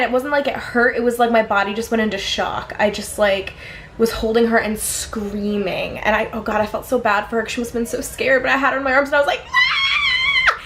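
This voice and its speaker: A woman's voice: on the high side, slight background noise. Rambling woman vlogging from her apartment. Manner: rambling, many fillers and restarts. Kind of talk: casual personal storytelling. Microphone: camera on a tripod.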